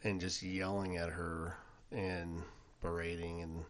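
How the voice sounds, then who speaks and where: A middle-aged man co-hosting a podcast, telling family stories in casual chat and getting animated when he quotes his kids. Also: sits low, slow, slight background noise. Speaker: podcast co-host.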